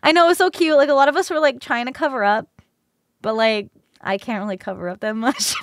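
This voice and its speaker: A young woman streamer telling a story in a casual chat, animated and breaking into laughter. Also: fairly high pitch, fast, a little hiss or hum.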